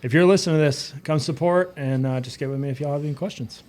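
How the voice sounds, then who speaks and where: A man, a podcast guest telling racing stories in lively casual chat with frequent laughs. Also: a little high, fast talker. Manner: animated storyteller, laughs often, repeats words. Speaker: podcast guest, race director.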